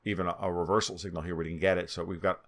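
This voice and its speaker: A market commentator with a New York accent and nasal voice talks solo through charts, twitchy and spitballing, restarting often. His voice is low-pitched and fairly bright, delivered flat and rapid-fire.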